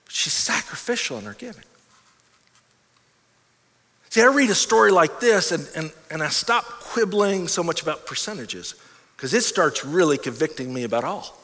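A man with a high, animated voice gives a sermon, talking to the congregation like a friend and slipping into the voices of people he imagines. His tone is bright, and a long reverb from the large hall trails behind his words. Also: moderate pace. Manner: conversational, acts out imagined listeners' voices. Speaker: pastor.

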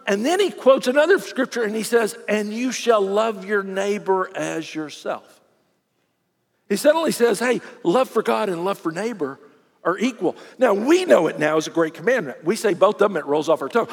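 A man preaching a sermon as a pastor, animated and acting out the voices of crowds and scribes as he teaches. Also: sits high, normal speed, gravelly, husky. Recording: long reverb of a large hall.

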